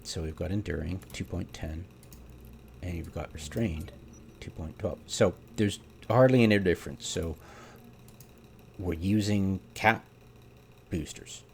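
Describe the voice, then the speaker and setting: Man, low and gravelly, casual game commentary, exasperated rant, faint keyboard hum behind. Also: a little slow, pauses often, darkish tone. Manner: exasperated, rhetorical questions, many ums. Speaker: game theorycrafter. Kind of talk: casual ranting commentary over gameplay.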